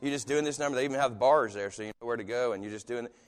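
A man's voice: mid-range voice, racing, slight background noise. A man preaching a sermon in a casual, conversational way, acting out the voices of the people he quotes. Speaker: pastor. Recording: long hall reverb.

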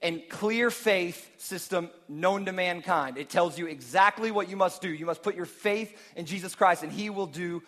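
A man's voice: high-pitched, normal speed, few pauses, a bit bright, big-room sound. A man preaching a sermon in a casual, conversational way, often repeating words as he presses a point. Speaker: pastor.

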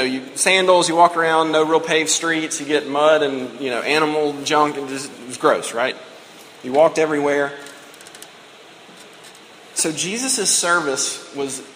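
A man's voice: fairly high pitch, sharp tone, slight background noise. A man in his thirties giving a conversational, emotional sermon as a pastor. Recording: reverberant hall with faint ambience.

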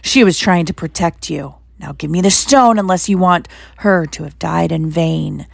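A woman voicing a cruel, commanding male dark lord who snarls, hisses and shrieks his lines in a storybook reading. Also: fairly low pitch, normal speed, vocal fry, dry recording, clean studio sound. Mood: menacing.

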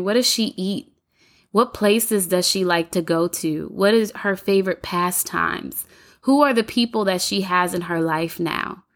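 A woman's voice: on the low side, a bit bright. Earnest woman hosting a faith podcast. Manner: earnest, encouraging, repeats phrases for emphasis. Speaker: podcast host. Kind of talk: faith-based motivational podcast talk. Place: home apartment, city sirens outside.

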